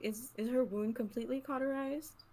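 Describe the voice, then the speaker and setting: A woman playing a tabletop game, talking in a measured, deliberate way. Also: a little high, steady tone, darkish tone, a little hiss or hum. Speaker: player. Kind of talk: casual tabletop game chat.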